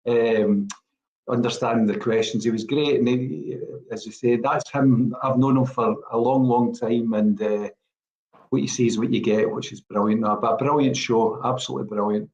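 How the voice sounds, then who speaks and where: A man's voice: mid-range voice, fairly even intonation, moderate pace, a little mellow, roomy sound, lo-fi sound. A Scottish man in his sixties from Glasgow, a former footballer telling rambling stories with many fillers in an interview. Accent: Glaswegian Scottish. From Scotland. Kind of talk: relaxed storytelling interview.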